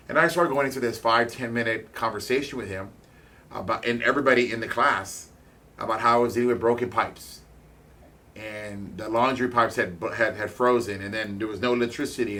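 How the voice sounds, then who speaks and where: Man, low register, blunt investor talking shop, quick bursts and restarts, salty language. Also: bright, forceful tone. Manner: blunt, swears, fast bursts with halting restarts. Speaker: real estate investor and business owner. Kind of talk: candid motivational talk.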